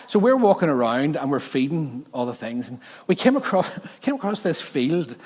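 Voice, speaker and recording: A man preaching a sermon, telling funny stories in an animated, jokey way and interrupting himself often. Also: fairly high pitch, normal speed, slightly rough, big-room sound. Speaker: pastor. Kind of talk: sermon with humorous storytelling.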